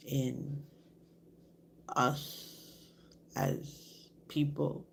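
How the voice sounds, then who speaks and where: A woman's voice: deep voice, gravelly, a little mellow, slight background noise. A woman vlogger telling a story in a candid, rambling way, often dropping to a whisper. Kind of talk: casual storytelling to camera.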